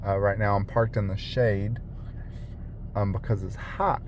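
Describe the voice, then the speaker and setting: Young male driver, low voice, unhurried rambling vlog from the car. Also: fairly even intonation, background noise. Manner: rambling, with many fillers and restarts. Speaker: rideshare driver. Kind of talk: casual vlog monologue. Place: parked car.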